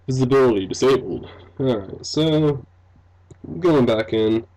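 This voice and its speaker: A man's voice: mid-range voice, slow, long pauses, a little mellow, low-quality recording. A young man giving casual commentary on a game he is building, rambling with many fillers and frequent laughs. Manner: rambling, full of fillers like "um", "like" and "you know"; laughs often, self-deprecating. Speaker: game developer and let's-play commentator.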